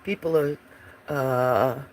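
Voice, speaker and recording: Giggly rambling livestream host, slow-spoken. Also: medium pitch, slight background noise. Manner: giggly, laughs often, rambling; trails off mid-sentence. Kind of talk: casual chat while drawing.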